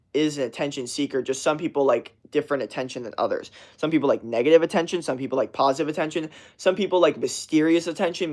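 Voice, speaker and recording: A young man in college ranting casually to camera, profane and rambling, mocking people in whiny put-on voices. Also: on the high side. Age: young adult. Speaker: vlogger.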